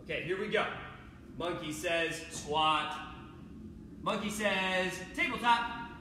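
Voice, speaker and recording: A man's voice: high voice, takes it slowly, pushed and bright, heavy reverb, a little hiss or hum. A man coaching a children's home gymnastics workout, upbeat and playful, talking straight to the kids watching. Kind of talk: kids' home workout lesson.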